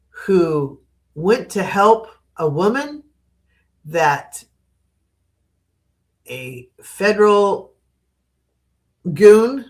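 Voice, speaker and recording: A woman hosting a casual live stream, chatting, reading out viewer comments, laughing often and giving frank opinions on the news. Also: lowish voice. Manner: frank and opinionated on current events.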